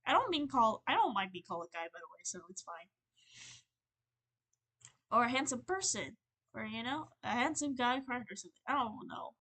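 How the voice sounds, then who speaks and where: Bright-voiced young woman venting casually. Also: a little high, expressive, breathy edge. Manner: rambling, halting, with many fillers and restarts; earnest and emotional. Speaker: streamer.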